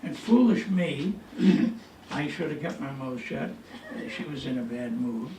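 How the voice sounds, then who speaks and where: A man's voice: medium pitch, expressive, a little slow, mellow. A man telling a folksy comic story to an audience at a senior center, with a chatty, punchline-driven delivery. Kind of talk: stand-up storytelling. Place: senior center hall with a tall ceiling. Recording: echoey hall, distant mic, faint noise.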